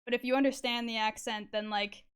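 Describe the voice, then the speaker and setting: Young woman streamer, smooth voice, a bit high-pitched, chatty and sweary. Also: steady tone, brisk, fairly bright tone. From Canada. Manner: chatty, filler-heavy, swears, laughs often. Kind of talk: casual chat while drawing on stream.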